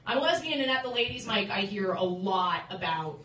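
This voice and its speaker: A woman's voice: mid-range voice, very animated, a little fast, pushed and bright. Young woman doing stand-up, heard from afar. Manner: chatty, self-interrupting, laughing between jokes. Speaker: stand-up comedian. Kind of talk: stand-up set. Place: comedy club. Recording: roomy, distant phone stream with background noise.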